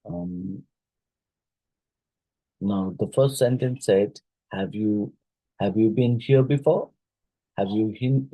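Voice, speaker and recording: A man leads an exam-prep lecture, reading out each question and repeating it before working through the answer. His voice sits low and mellow with a slightly husky edge. The recording is dry, with no room sound. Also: no room sound, poor audio. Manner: talks through questions, repeats them aloud, many fillers. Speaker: teacher.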